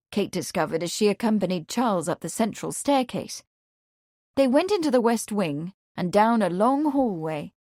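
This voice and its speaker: A woman's voice: medium pitch, no echo, studio quality. Woman narrating a mystery audiobook. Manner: even, measured reading. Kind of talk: scripted narration.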